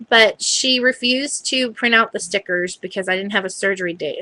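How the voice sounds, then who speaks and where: A woman's voice: on the high side, sharp tone, poor audio. A woman vlogger casually recounting a story, chatty and hedging, often quoting what others said.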